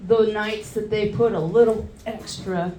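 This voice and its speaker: A woman's voice: medium pitch, steady tone, a little slow, warm tone, reverberant, slight background noise. A woman in her forties doing a crude stand-up comedy set, telling loose stories and working the crowd from a club stage.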